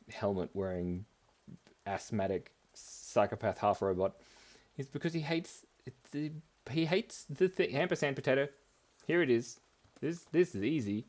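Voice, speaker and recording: A man leads a live drawing class for children, chattering as he sketches and playing with silly words. His pitch leaps up and down all over the place, while his pace stays slow and unhurried. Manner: playful, goofy wordplay, talking while drawing.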